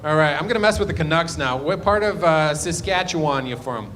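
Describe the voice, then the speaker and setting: A man's voice: a little high, lively intonation, a little fast, fairly bright tone. A man doing loose, rambling stand-up crowd work in a comedy club, trailing off into muttered asides.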